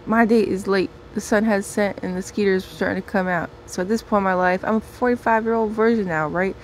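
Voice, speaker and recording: A woman reading her own comic story in first person with a put-on twang and playful, deadpan delivery. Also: mid-range voice, fairly quick, slight background noise.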